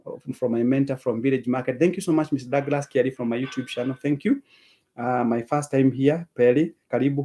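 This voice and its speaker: A man's voice: mid-range voice, mellow. A man with a Kenyan accent hosts a live stream and reads out viewers' names and comments, thanking each of them and slipping between English and Swahili. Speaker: livestream host reading viewer comments.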